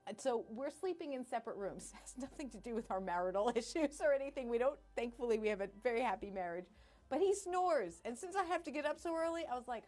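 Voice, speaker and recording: A bubbly middle-aged woman radio host chatting on a live stream from her station studio. Her voice sits fairly high and swings up and down a lot. She talks in a chatty, self-deprecating way. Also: sing-song, brisk, a little mellow. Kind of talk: casual live-stream chat.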